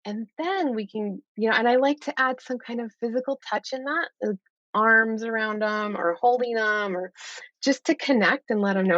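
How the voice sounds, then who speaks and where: A woman guest on a parenting podcast, talking in a warm, animated way and laughing easily. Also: a little high, moderate pace, no echo, dull audio. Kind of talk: casual interview chat.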